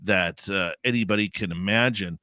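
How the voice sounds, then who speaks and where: Male radio host, bright tone, casual questioner, dry studio sound. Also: sits low, normal speed, no echo. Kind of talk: radio interview.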